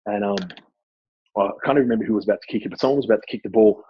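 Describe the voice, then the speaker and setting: A man with an Australian accent, a former club footballer, chatting casually as a guest and telling lively stories. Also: lowish voice, rapid-fire, muffled recording, a little hiss or hum. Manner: animated storyteller, laughs often. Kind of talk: casual chat.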